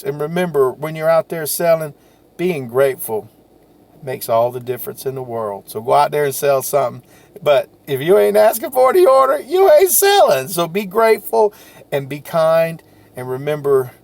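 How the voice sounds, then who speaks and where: A man's voice: mid-range voice, gravelly, darkish tone. A salesman giving a folksy, repetitive, encouraging motivational talk to camera.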